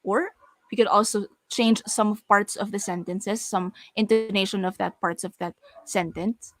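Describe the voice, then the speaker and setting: A woman giving an online lecture on voice and speaking skills for teachers, speaking with clear, deliberate delivery and stressing her examples. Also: medium pitch, steady tone, fairly bright tone. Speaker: webinar speaker on voice training for teachers.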